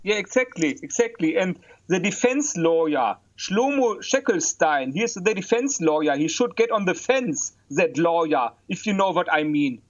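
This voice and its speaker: A man's voice: sits high, lively intonation, moderate pace, hardly any pauses, highs cut off. A man playing a paranoid, bigoted self-styled printer expert witness in a comedic mock trial, talking in a rambling, conspiratorial way. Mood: insinuating. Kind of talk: comedic improvised courtroom role-play.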